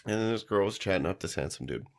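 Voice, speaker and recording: A man telling animated, profane backstage tales in casual podcast chat, acting out quotes. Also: low voice, fast talker. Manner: animated storyteller, swears freely, acts out quotes. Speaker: podcast guest, musician. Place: live-streamed studio.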